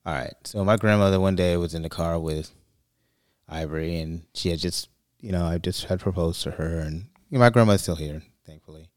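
Male podcast co-host, deep and dry, chatty rambling storyteller. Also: brisk, dry recording. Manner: rambling, restarts and fillers, animated when quoting. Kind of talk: casual chat, storytelling.

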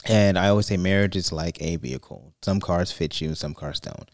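A man co-hosting a podcast, telling a family story in a rambling, animated way. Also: low voice, normal speed, dry recording, studio quality. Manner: rambling, restarts and fillers, animated when quoting. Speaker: podcast co-host. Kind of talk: casual chat, storytelling.

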